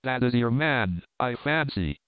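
A shrewd, composed detective lays out his reasoning in measured phrases, as a male reader plays him. The voice is smooth but comes through dry and tinny, like a phone line. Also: medium pitch, lively intonation, dry recording, lightly acted. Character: calm, shrewd male detective, middle-aged.

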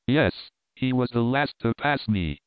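A man's voice: mid-range voice, lively intonation, measured pace, smooth, no echo, lightly acted. A man reading as a blunt police inspector. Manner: blunt, matter-of-fact. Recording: dry tinny phone-like sound.

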